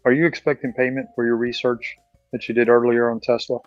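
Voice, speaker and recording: A man's voice: medium pitch, little pitch movement, fairly quick, no echo, dull audio, faint music behind. A man in a casual live chat, asking blunt questions. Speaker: participant.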